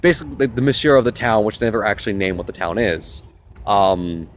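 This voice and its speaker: A young man hosting a casual vlog, retelling a novel in a rambling, animated way with lots of fillers and asides. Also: lowish voice, quick pace. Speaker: host.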